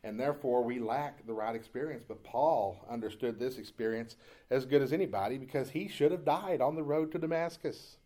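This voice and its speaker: A pastor delivers a sermon, starting with calm, conversational storytelling and building into loud, impassioned preaching. His voice is medium-pitched and his pace brisk.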